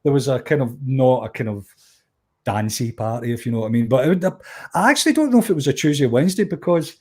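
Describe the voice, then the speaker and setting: Scottish man telling a lively story. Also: medium pitch, quick pace, slightly rough. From Scotland. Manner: animated anecdote-telling, acts out quoted voices, frequent restarts. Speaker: guest musician and DJ. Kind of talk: conversational storytelling.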